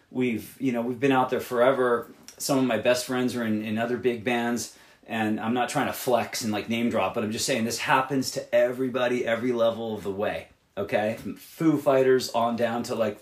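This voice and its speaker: A man's voice: medium pitch, reverberant. A man who plays in a rock band, giving other bands blunt, rambling advice full of swearing. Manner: profane, emphatic and rambling. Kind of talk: candid advice monologue.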